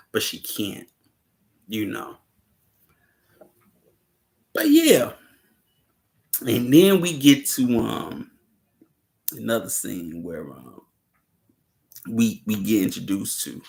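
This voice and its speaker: A man's voice: fairly low pitch, creaky. A man hosting a casual livestream about a film, laid-back, laughing often and chatting with viewers. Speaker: host discussing a film.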